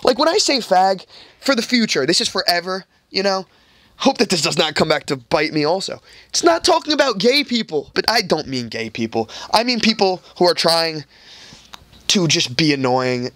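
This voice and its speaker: A young man hosting a podcast, rambling and swearing freely as he tells stories. His voice sits a little high for a man. The sound is close and dry, with no room around it. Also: very animated, normal speed, a bit bright, no room sound. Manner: loose, profane, rambling storyteller. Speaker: podcast host. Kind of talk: casual storytelling chat.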